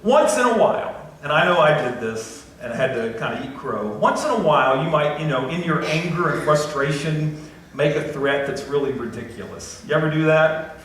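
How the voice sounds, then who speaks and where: Folksy preacher in an echoey church. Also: male voice, a little high, animated, normal speed, fairly bright tone. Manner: folksy, conversational preaching with self-deprecating asides. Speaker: pastor. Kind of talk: sermon. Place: church sanctuary. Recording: echoey church recording from a distance.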